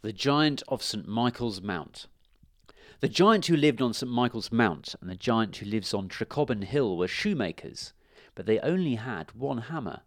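A man reading a children's storybook aloud in an expressive, animated way. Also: mid-range voice, measured pace, no echo, clean studio sound. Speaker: reader.

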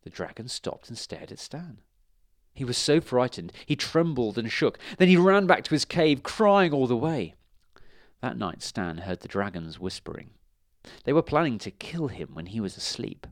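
A man reading a children's storybook aloud in an expressive, animated way. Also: medium pitch, normal speed, no echo, clean studio sound. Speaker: reader.

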